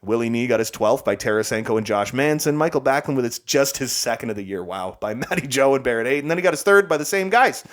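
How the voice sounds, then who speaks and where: A young man narrates his hockey video game like a play-by-play caller. His voice leaps around with lively, animated pitch, tossing in goofy made-up words. He swings between loud excited shouts and muttered self-mocking asides. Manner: goofy slang and play-by-play chatter. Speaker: gaming YouTuber.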